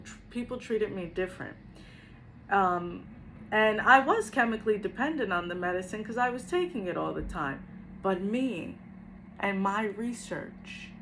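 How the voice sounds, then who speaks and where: A woman's voice: medium pitch, fairly bright tone, a little hiss or hum, poor audio. A middle-aged woman, a spiritual healer, telling her own story to the camera earnestly and reflectively, often repeating her phrases. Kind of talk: personal testimony to camera.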